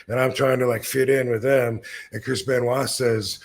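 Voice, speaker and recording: Podcast host, man in his fifties, gravelly voice, loose rambling anecdotes full of swearing. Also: medium pitch, flat delivery, moderate pace, slight background noise. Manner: rambling, laid-back, swears freely. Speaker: podcast host telling stories. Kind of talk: casual storytelling chat.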